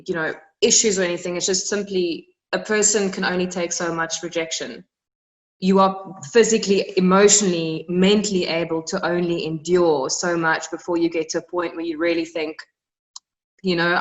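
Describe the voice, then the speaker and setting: Young south african woman, interview guest, earnest and reflective, lowish voice. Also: a bit bright, low-quality recording. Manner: reflective, earnest, repeats words when moved. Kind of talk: emotional personal storytelling.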